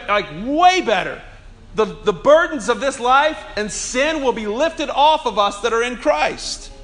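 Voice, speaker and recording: A man's voice: very high voice, a bit bright. A male pastor preaching a sermon in a church, talking conversationally, joking with the congregation and calling for amens.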